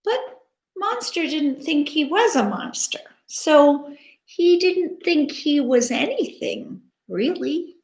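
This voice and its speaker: A woman's voice: high-pitched, takes it slowly. A woman reading a picture book aloud to children, dramatic and interactive, inviting listeners to join in. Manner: animated, interactive, dramatic gasps. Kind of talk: children's story read-aloud. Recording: echoey room.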